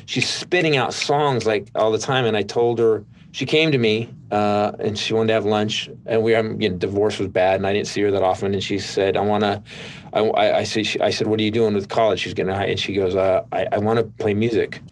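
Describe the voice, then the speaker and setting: Man, middle-aged, comedian, casual rambling talk, low pitch, faint noise. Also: fairly even intonation, brisk. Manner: rambling storytelling with many restarts. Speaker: comedian, guest. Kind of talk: casual podcast conversation.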